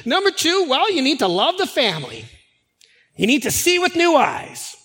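A male pastor giving a sermon in a conversational, animated storytelling manner. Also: very high-pitched, moderate pace, big-room sound.

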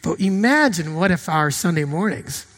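A man's voice: a little high, lively intonation, normal speed, fairly bright tone, in a large hall. A man preaching a sermon as pastor, earnest and emphatic in short, punchy phrases.

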